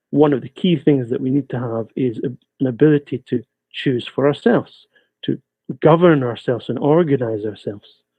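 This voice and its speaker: Guy giving a webinar talk, slow and explaining, lots of pauses, tinny call audio. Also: medium pitch, slightly rough, no room sound. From Scotland. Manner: measured, explanatory, pausing often. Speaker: guest speaker. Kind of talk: webinar lecture. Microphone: video call.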